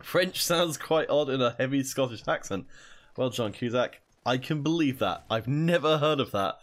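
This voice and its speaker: A man's voice: medium pitch, expressive, moderate pace. Chatty male esports caster. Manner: chatty, answers viewer messages between plays. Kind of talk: solo esports commentary reading chat.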